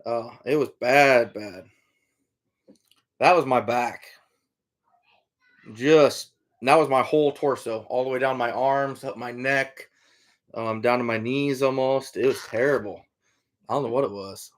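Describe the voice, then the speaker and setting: A man's voice: medium pitch, a little slow, long pauses. A middle-aged man from Iowa hosting a casual livestream, answering viewer comments in an easygoing, rambling way with lots of fillers. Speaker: livestream host, trapper and hunter.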